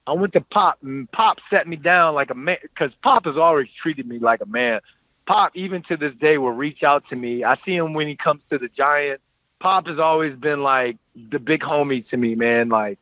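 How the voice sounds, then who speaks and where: Former athlete guest, 30s, male, lively slangy storyteller who repeats himself; dry, tinny phone-quality sound. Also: a little high, moderate pace, dry recording. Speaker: podcast guest, former football player. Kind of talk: casual storytelling interview.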